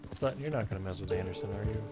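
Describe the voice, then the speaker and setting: A man's voice: lowish voice, very fast, loud music behind the voice. A man giving casual, self-deprecating commentary while playing a game at home, chatting to his cats in between. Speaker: game streamer.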